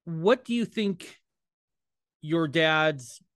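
Relaxed man hosting a podcast. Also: on the high side, drawn-out words, dry recording, clean studio sound. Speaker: podcast host. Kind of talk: casual interview chat.

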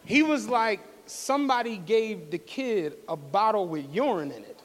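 A man co-hosting a live podcast, telling a profane, animated story and acting out the quotes. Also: sits high, moderate pace. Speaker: podcast co-host. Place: live stage show in a studio venue. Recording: long hall reverb from a live venue.

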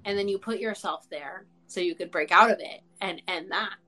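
A young woman hosting a casual chat, excitable and outspoken, who swears freely and fills her talk with "like". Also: medium pitch, moderate pace. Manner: excitable, swears freely, many filler words. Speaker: host.

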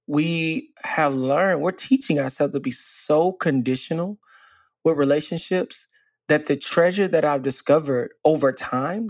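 A man in his forties, co-hosting a casual podcast as a relationship coach. He talks earnestly and reflectively, drawing out key phrases slowly. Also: a little high, no echo, studio quality.

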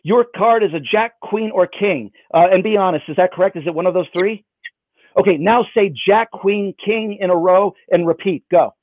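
Magician guy on a video call, high voice, joking around, sounds like a phone. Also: normal speed, no room sound. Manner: playful, self-mocking patter. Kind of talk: online magic performance. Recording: dry, phone-like band.

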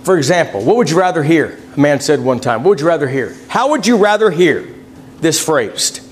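A man's voice: a little high, animated, fairly quick, a little hiss or hum. A male preacher giving a conversational sermon in church, addressing the congregation as folks and reading scripture aloud. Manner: folksy, conversational, quotes scripture in King James wording.

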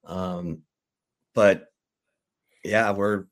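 A man co-hosts a casual sports podcast, reading out breaking news before musing over what it means. His voice sits low and his delivery is slow and unhurried, with easy pauses between thoughts. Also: steady tone. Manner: unhurried, reads breaking news then muses about it.

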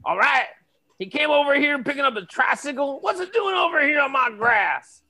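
A man performs a full character voice as a grumpy, cursing neighbor protecting his lawn. The voice is extremely high, well above his natural pitch, pushed and bright, with lively intonation at a normal speed.

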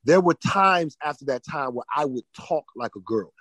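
A man on a podcast telling an emotional personal testimony, often restarting and repeating words, swinging between loud and hushed. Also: fairly high pitch, expressive, normal speed, no room sound, poor audio. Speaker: podcast guest.

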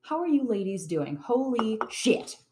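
A woman hosting a podcast in casual chat around a table, bubbly and excitable, laughing often. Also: fairly high pitch, a little slow, slight background noise. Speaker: podcast host.

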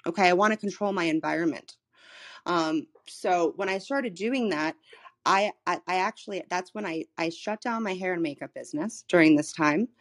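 A woman's voice: lowish voice, moderate pace. Human design coach lady, 30s, from florida, chatty and blunt, stumbles and restarts a lot. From Florida, USA. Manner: animated, swears freely, repeats words and restarts. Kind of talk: casual storytelling in a live audio room. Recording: live social audio room recording.

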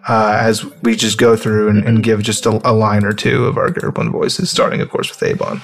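A man's voice: on the low side, flat delivery, moderate pace, creaky, soft background music. A man running a casual tabletop role-play game, rambling and laughing as he describes characters. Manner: rambling, many fillers, laughing. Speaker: game runner reading the rules.

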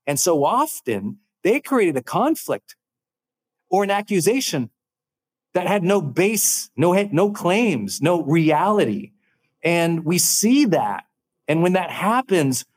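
A man hosting a motivational talk, speaking emphatically, slowing down to stress key points and acting out quoted voices. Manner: acts out quoted voices in a higher pitch. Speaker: host.

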